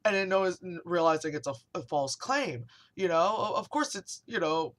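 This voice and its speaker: A woman's voice: on the low side, animated, normal speed. A woman telling a story in a casual vlog rant, rambling and swearing, with lots of fillers. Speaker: vlogger.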